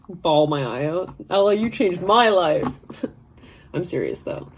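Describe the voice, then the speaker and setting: Woman in her thirties, live stream host, casual rambling chat, lowish voice, faint background noise. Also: expressive, takes it slowly. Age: 30s. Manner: chatty, rambling, laughs often, reads comments aloud.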